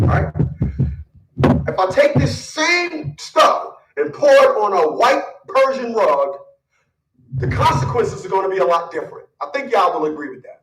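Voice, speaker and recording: A man's voice: high-pitched, very animated, a little slow, fairly bright tone, roomy sound, far from the mic, low-quality recording. A man giving blunt, boastful relationship advice in a casual, profane rant, often repeating words as he gets worked up. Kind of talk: casual ranting monologue.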